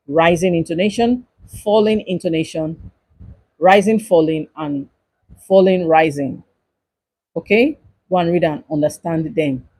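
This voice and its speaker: Lecturer, husky. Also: mid-range voice, darkish tone, no room sound, rough recording. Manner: repetitive, emphatic instructions to students. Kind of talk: exam-review livestream lecture.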